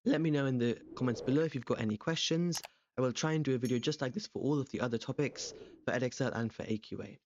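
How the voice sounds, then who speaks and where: A young man teaching a language revision lesson, explaining step by step and putting quick questions to the viewer. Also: medium pitch, darkish tone, a little hiss or hum. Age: young adult. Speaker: language tutor. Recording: dull, slightly lo-fi close recording.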